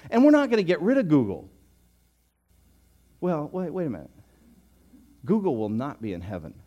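Older guy pastor giving a sermon, tells stories, laughs, repeats words, gets loud in the funny bits. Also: fairly high pitch, normal speed, muffled recording. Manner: storytelling with chuckles, animated and loud in anecdotes.

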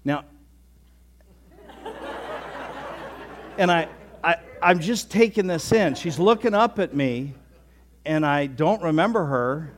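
A man's voice: a little high, expressive, slow pace, long pauses, slight background noise. A man in his sixties, a pastor, giving a folksy, conversational sermon, often chuckling and restarting his sentences.

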